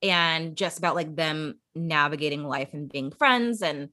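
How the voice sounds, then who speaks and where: A young woman in her twenties with a slightly low voice gossips casually, as a podcast co-host chatting about reality TV. She swears freely. The recording is dry and close. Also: unhurried, bright, forceful tone, dry recording. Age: 20s or early 30s. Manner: gossipy, mimics people, swears.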